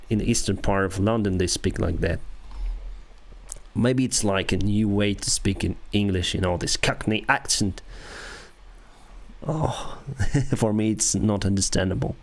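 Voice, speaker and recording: A man in his thirties with a Ukrainian accent, an airline pilot chatting casually with viewers on a live stream in halting English. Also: lowish voice, gravelly. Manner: halting non-native English with restarts and soft laughs.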